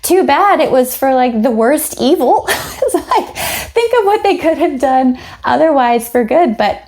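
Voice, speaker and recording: A woman co-hosting a book podcast, talking casually and acting out scenes with lively shifts in her voice. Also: measured pace. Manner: animated, acts out quotes with rising pitch and laughs. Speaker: podcast co-host.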